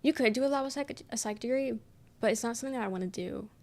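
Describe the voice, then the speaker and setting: A woman's voice: a little high, quick pace, darkish tone. A young adult woman streaming and chatting casually with her viewers, reading their messages aloud and rambling with lots of "um" and "like" and casual swearing. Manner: rambling, filler-heavy, swears casually, frequent "um".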